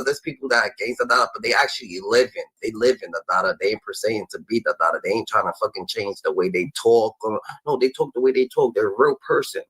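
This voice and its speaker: A man's voice: mid-range voice, pushed and bright, breathy edge, low-quality recording. A man giving casual reaction commentary, rambling and filling gaps with repeated "da, da, da" and stammered starts.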